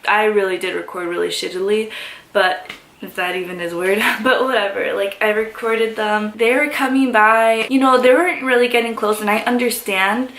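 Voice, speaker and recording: A woman vlogger telling a story in excited, gushing chatter full of fillers. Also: mid-range voice, normal speed, a little hiss or hum. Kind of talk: casual story time. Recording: echoey room.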